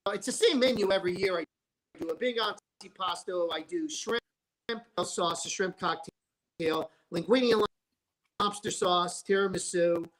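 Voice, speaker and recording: A man's voice: high voice, unhurried, a bit bright, poor audio. A man, a sports broadcaster and former restaurateur, chatting as a guest on a talk show. He rambles through stories and restarts his sentences often. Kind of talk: casual chat.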